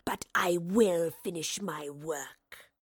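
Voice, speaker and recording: A cold, snarling wraith, as a woman storyteller puts it on, drawing each word out in a slow, breathy hiss. The voice is close and dry, with no room sound around it. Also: on the low side, no room sound. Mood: menacing.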